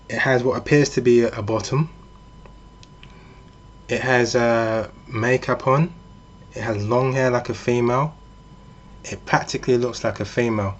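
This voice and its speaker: A man's voice: medium pitch, dull audio. A man vlogging in a casual monologue, walking through hypothetical scenarios in a conversational way. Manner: conversational, with frequent fillers and restarts.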